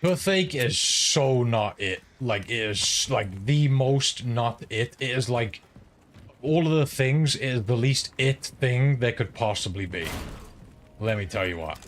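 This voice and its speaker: British guy streaming games, swears constantly, rambling story chat, average pitch. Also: expressive, a little slow. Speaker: game streamer. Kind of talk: casual chat while gaming.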